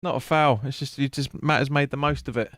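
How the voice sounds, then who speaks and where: A man's voice: mid-range voice, fairly even intonation, a little fast, fairly bright tone, dry recording, clean studio sound. A man streaming a football watch-along, calling the play and answering chat bluntly with swearing. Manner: blunt, sweary, chatty with viewers. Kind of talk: live match commentary and chat reading.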